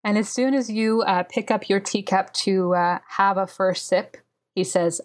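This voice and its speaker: A woman's voice: medium pitch, fairly even intonation, unhurried. A woman running a tabletop role-playing game, narrating descriptively with many fillers. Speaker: game master.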